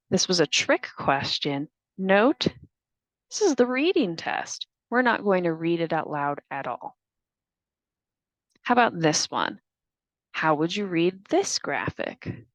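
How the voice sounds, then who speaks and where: A woman explains testing rules to school staff in a clear, deliberate, instructional way. Her voice sits a little low. The recording is dry and close, with no room sound. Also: very animated, no room sound. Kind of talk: scripted training narration.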